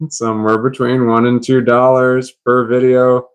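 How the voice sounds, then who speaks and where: A man's voice: mid-range voice, level tone, unhurried, smooth. A man chatting on a live stream, puzzled and rambling, laughing at himself.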